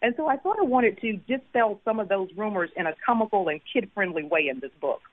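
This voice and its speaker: A woman's voice: mid-range voice, a little fast. Bubbly Southern woman on a phone line. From Mississippi. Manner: bubbly, upbeat, animated storyteller. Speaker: guest, children's book author and former news anchor. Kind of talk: phone-in interview.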